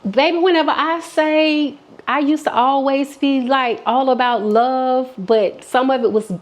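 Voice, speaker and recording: A woman with a slightly high voice tells a personal storytime. She is candid and chatty, with plenty of restarts. She acts out the lines of the people in her story as she goes. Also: steady tone, unhurried. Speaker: vlogger. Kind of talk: casual storytime.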